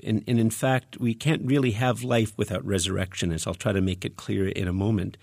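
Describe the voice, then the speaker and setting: A man with a low, gravelly voice gives a conversational teaching sermon, reading scripture aloud and then explaining it. He talks earnestly and restarts his sentences often. The sound is dry and close. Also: fairly even intonation, fairly quick, hardly any pauses, a little mellow, dry recording. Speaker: preacher.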